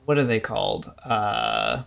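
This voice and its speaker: A man's voice: lowish voice, huge pitch swings, slow pace, gravelly, a bit bright. A young man streaming a horror game live, joking and rambling as he reads the game's text aloud. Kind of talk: live gameplay commentary.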